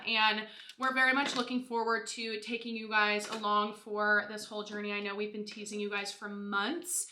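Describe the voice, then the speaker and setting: A woman's voice: fairly high pitch, bright, forceful tone, roomy sound. A young woman in her twenties chatting casually and gushing to her viewers while doing her makeup, full of "like" and "you guys.". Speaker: beauty vlogger.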